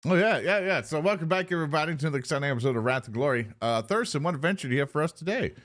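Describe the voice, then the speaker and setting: A man's voice: a little high, animated, racing, a bit bright. A man introducing a tabletop game stream in a playful, stumbling way. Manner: playful, stumbling over words. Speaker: player and opening host. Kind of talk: casual chat.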